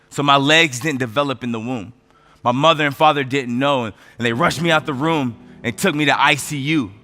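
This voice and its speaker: A man in his thirties from the United States giving a motivational speech, telling stories with rising energy. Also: mid-range voice. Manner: energetic storytelling, voice rising with emotion. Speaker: motivational speaker.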